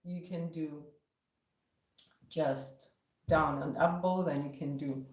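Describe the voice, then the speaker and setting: Woman, violin teacher, patient, step-by-step, roomy echo, soft violin behind. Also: low-pitched, steady tone, slow, faint music behind. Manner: patient, explains step by step between playing. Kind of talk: live-streamed music lesson. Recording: roomy echo, violin playing around speech.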